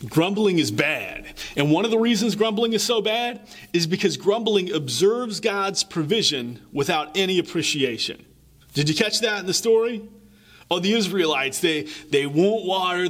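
A man's voice: on the high side, fairly bright tone. A man preaching a sermon, retelling scripture stories in a vivid, conversational way.

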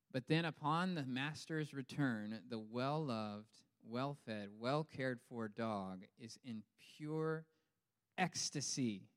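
A male pastor delivering a lively sermon with humor, building up for emphasis and then dropping low and quiet. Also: clear, resonant tone. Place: church hall. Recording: long hall reverb.

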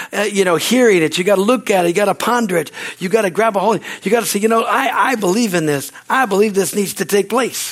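A man preaching a sermon in an emphatic, repetitive style, punctuated with amens and hallelujahs. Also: sits high.

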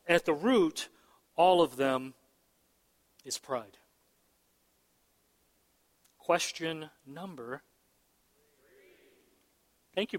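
A man preaching a sermon in a large church hall, his voice high and his delivery slow and deliberate. He keeps asking the congregation whether they follow him. His words ring out with a long reverb. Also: fairly bright tone. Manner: emphatic, asks the room for agreement. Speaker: pastor. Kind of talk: sermon answering questions.

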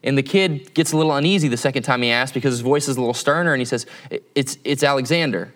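A man's voice: medium pitch, rapid-fire, a bit bright. A man preaching as a campus pastor in a conversational sermon, often checking in with tag questions.

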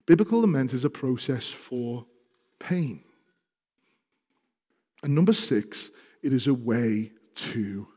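A man preaching a sermon, speaking with passion and growing loud when he reads scripture aloud. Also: medium pitch, takes it slowly. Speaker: pastor. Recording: reverberant hall.

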